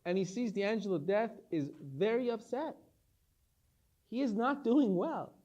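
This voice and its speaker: A man's voice: sits high, a little slow, muffled recording. A man teaching a Torah lesson as a rabbi, telling stories with animation and acting out the dialogue. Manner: animated storytelling, acts out dialogue.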